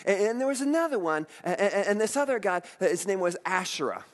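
A man's voice: sits high, a little fast, in a large hall. A man preaching a storytelling sermon, retelling and reading scripture with many restarts. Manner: animated, restarts often, reads scripture aloud. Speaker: pastor.

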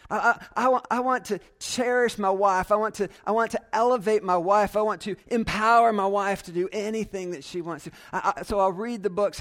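A man's voice: sits high, a bit bright. A young adult male pastor preaching a sermon earnestly and emphatically, repeating phrases for stress.

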